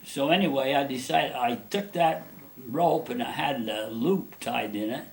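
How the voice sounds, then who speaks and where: A man's voice: medium pitch, measured pace, gravelly, a little hiss or hum. A man being interviewed, telling a personal story in a rambling, folksy way with many restarts.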